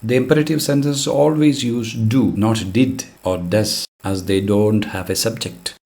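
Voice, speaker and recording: A man with a fairly low voice gives a recorded grammar lesson. He lays out each rule patiently and walks through example after example, in the even manner of a teacher. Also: unhurried, vocal fry, soft background music. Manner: patient, explains step by step with examples.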